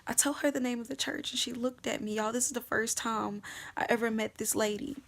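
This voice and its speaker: A young woman telling her personal faith testimony, swinging between hushed whispers and loud emotional outbursts. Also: on the high side, steady tone, brisk, creaky.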